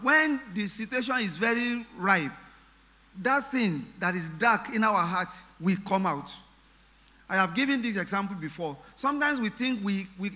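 Bright, high-voiced preacher. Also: male voice, in a large hall. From Nigeria. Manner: emphatic preaching with repetitions and rhetorical questions. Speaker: pastor. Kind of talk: sermon.

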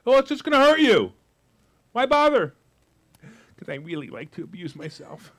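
A man giving a live motivational money seminar, brash and jokey, with loud outbursts and quiet asides. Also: sits high, big pitch swings, moderate pace. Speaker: seminar speaker.

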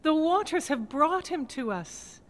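A woman's voice: high voice, expressive, a little slow, in a large hall, pitched above the performer's own voice. A woman storyteller voicing an elderly male gardener crying out with joy. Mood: joyful. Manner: exclaiming with joy. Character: old gardener, man, joyful and grateful.

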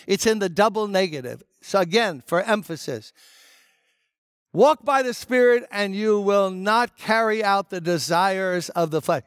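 A man's voice: high voice, lively intonation, a little slow, clear, resonant tone, no echo, clean studio sound. An older man, a pastor, preaching an emphatic, conversational sermon full of rhetorical questions.

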